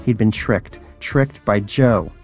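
Dry-humored man narrating a story, low voice. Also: slow pace, faint music behind. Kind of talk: audiobook narration.

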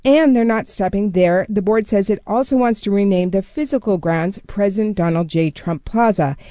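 A woman culture correspondent explaining a story in a measured, steady way during a radio news interview. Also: medium pitch, no room sound.

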